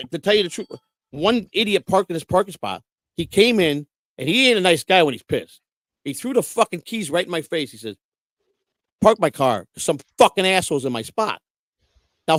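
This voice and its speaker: A man's voice: a little high, no room sound. A man telling rambling, profane stories in casual talk, repeating himself and restarting often. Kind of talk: casual storytelling.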